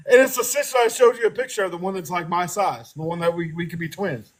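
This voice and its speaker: A man's voice: sits high, slightly rough. A young man co-hosting a casual podcast, animatedly telling a family story, acting out voices and laughing often. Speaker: podcast co-host.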